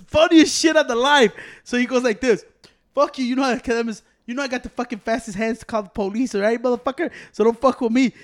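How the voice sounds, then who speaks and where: High-voiced fast-talking man. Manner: animated storytelling, acts out quotes loudly; swears a lot, laughs often. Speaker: podcast co-host. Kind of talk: casual chat.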